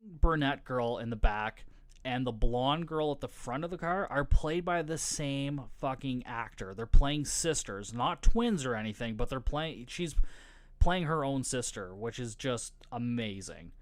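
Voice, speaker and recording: A man's voice: mid-range voice, lively intonation, a little slow. Swearing, joking podcast host man. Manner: profane, joking, laughs often. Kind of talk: casual movie recap.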